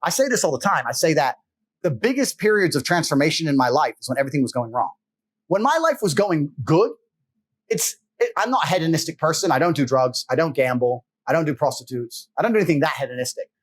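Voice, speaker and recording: Husky, slightly high-voiced man; blunt, profane interview guest. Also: very animated, fast. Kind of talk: emphatic motivational talk.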